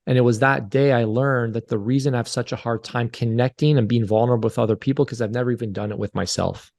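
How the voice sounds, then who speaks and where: A man's voice: mid-range voice, steady tone, fast, creaky, a little mellow. A man in his forties, a podcast guest, telling a personal story in an earnest, confessional way and often repeating his phrases. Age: 40s. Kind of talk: candid interview storytelling.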